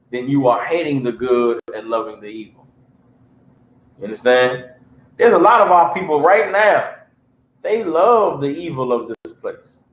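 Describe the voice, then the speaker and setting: Male Bible teacher, mid-range voice, blunt and emphatic, livestream in a roomy space. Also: medium pitch. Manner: emphatic, keeps asking listeners if they understand; blunt street-level talk. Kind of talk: preaching a livestreamed scripture class. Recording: roomy echo with faint hum.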